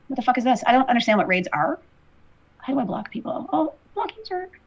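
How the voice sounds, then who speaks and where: A woman with a fairly high voice chats fast on her livestream. She rambles, apologizes again and again and fills her talk with likes and ums. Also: big pitch swings, muffled recording. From Canada. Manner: rambling, apologetic, filler-heavy. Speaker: livestream host. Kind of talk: casual livestream chat.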